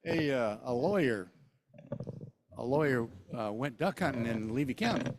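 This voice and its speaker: A man's voice: mid-range voice, animated, moderate pace, background noise. An older man telling a folksy joke at a club meeting, rambling with fillers and restarts, in a museum meeting hall. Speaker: club member leading song and pledge.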